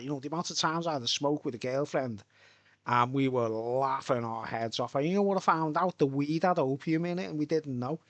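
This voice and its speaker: A middle-aged man livestreams from home, rambling and chatting loosely, swearing often and laughing a lot. His voice sits on the high side with a fairly bright tone, and the recording is dry.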